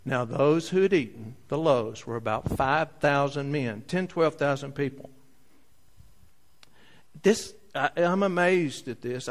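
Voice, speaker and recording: A man preaching a sermon, telling a story with big swings from loud to soft. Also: medium pitch. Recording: long hall reverb.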